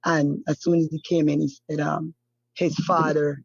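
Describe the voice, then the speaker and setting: A woman whose husband is a missing fisherman recounts events in an interview, halting and repeating herself with many fillers. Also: deep voice, little pitch movement, creaky, breathy edge, no echo, dull audio. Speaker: family member of a missing fisherman, interview guest. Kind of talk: emotional first-hand account in an interview.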